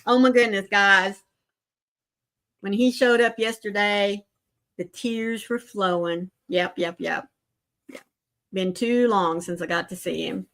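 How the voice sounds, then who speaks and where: An older woman hosting a casual crochet livestream, chatting warmly with viewers and greeting them by name. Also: medium pitch, slow pace, long pauses.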